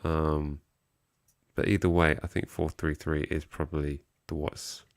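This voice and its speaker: This co-host of an English football fan live stream has a gravelly, rumbling low voice with little pitch movement and an unhurried pace. He jokes, reads chat aloud, chuckles, and trails off, recorded in studio quality without echo.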